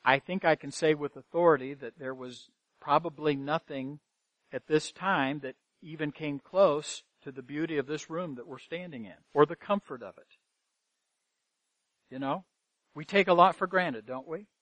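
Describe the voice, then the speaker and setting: A man's voice: a little high, dry recording. A man preaching a sermon as pastor, earnest, asking rhetorical questions and repeating phrases for emphasis. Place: church sanctuary.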